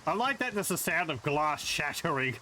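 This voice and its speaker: A man with a slightly higher-than-usual voice talks through his gameplay in a wry, musing, self-amused way. Game sounds and ambience can be heard clearly behind him. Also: very animated, moderate pace, pushed and bright, slight background noise, rough recording. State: has the hiccups. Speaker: let's play gamer. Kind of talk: casual gameplay commentary.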